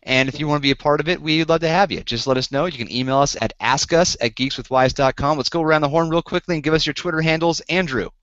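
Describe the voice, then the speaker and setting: A man hosting a podcast, telling a story and acting out both sides in an animated, incredulous way. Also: fairly high pitch, fast, few pauses, dry recording. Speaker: podcast host. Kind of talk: casual storytelling chat. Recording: dull lo-fi podcast audio, dry.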